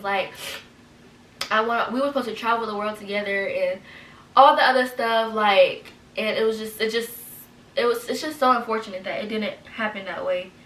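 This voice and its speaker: A woman's voice: medium pitch, a bit bright, distant mic, a little hiss or hum. A woman in her twenties telling a personal story at home, rambling with lots of "like" and "you know", close to tears. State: teary, holding back tears. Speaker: vlogger. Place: home room. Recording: roomy echo, speaking a bit off-mic.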